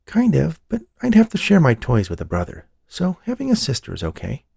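A man's voice: fairly high pitch, wildly swooping pitch, fairly quick, vocal fry, warm tone, slightly rough, no room sound, studio quality, pitched above the performer's own voice, heavily acted. A man voicing a ten-year-old boy who speaks plainly and without fuss. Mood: matter-of-fact.

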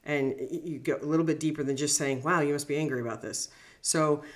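A woman's voice: deep voice, steady tone, quick pace. A middle-aged woman, a negotiation coach, chatting animatedly on a podcast, laughing easily and acting out examples. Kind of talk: casual podcast chat.

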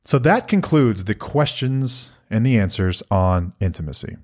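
A middle-aged man co-hosting a casual podcast with his partner. His voice sits a little low, and he answers listener questions in an earnest, reflective way. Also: animated, measured pace, darkish tone. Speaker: podcast co-host.

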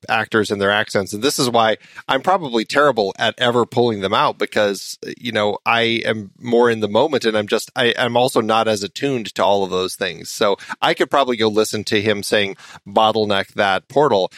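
A man hosting a casual movie podcast, thoughtful and quick to laugh. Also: lowish voice, fairly bright tone, no room sound. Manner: reflective, laughs often. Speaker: podcast host. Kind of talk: casual chat.

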